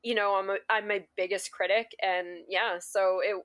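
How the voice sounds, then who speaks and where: A woman's voice: mid-range voice, fairly even intonation, moderate pace, fairly bright tone. A woman guest on a podcast, recounting a personal story in a rambling, emotional way, restarting sentences and laughing often. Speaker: guest cake artist. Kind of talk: casual interview storytelling.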